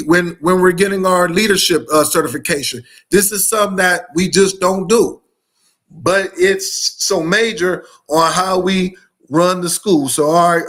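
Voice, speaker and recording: A man from Michigan hosting a live education stream, greeting viewers with energetic, repetitive shout-outs. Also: high-pitched. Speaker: host of live education show.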